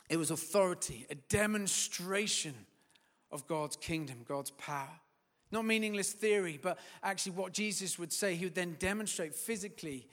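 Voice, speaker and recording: A man preaching a sermon, building to loud, emphatic peaks and then dropping to quiet, firm words. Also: high voice, long reverb tail.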